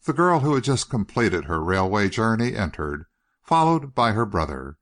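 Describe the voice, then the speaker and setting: A man narrating an audiobook in a measured, expressive manner. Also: on the low side. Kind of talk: scripted narration.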